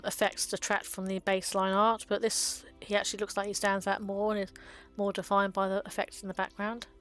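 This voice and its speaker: A woman chatting her way through a card game's artwork in a relaxed, meandering commentary. She often pauses on ums and lets small laughs slip in as she shares her fondness for the cards. Her voice sits at an ordinary pitch for a woman, with faint music playing behind her. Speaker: card game video host. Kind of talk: casual commentary on card art.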